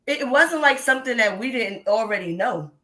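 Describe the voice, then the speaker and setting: A woman's voice: on the high side, expressive, a little fast, sharp tone, rough recording. A woman in her thirties calling in to a live stream, talking emphatically and rambling with many restarts. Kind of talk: impassioned call-in commentary. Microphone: remote call.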